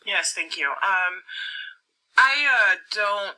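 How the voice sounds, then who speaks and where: A woman student in a classroom discussion, halting at first, casual and blunt. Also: medium pitch, lively intonation, bright, forceful tone, low-quality recording.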